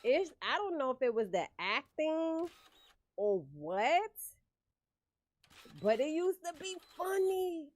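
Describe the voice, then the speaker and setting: A woman's voice: high-pitched, sing-song, takes it slowly, pauses often. A woman streaming a game, chatting casually with viewers and laughing often. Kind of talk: casual livestream chat while gaming.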